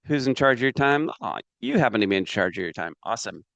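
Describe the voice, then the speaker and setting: Gravelly energetic male seminar trainer. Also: mid-range voice, fast, dry recording, highs cut off. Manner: energetic, coaxing audience participation. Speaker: business trainer.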